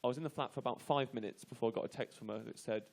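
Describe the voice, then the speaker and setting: Appearing on a live radio panel, a male comedian tells a self-deprecating comic anecdote in halting bursts, restarting often. His voice is mid-range with vocal fry.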